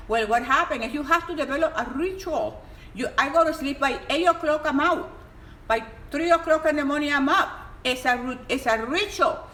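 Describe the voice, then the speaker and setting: A woman's voice: high voice, fairly quick, pushed and bright. Exuberant woman giving health advice. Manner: emphatic and exuberant, pleading at times. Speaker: health coach. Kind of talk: casual live-stream advice. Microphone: phone on a live stream. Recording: echoey room with faint background noise.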